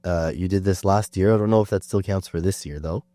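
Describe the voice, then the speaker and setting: Man, very low voice, sick, podcast host, casual chat, chatty, dry close sound. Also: brisk, no echo. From Canada. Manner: relaxed, chatty, self-deprecating with fillers. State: sick, under the weather.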